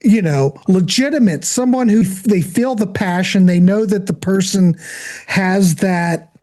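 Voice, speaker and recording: A woman's voice: mid-range voice, a little slow, warm tone. A woman co-hosting a casual music interview, supportive and sometimes searching for words. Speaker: co-host, interviewer.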